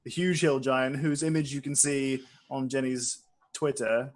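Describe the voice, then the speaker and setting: A man narrating a tabletop game as game master, playful and quick to laugh. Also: mid-range voice, steady tone.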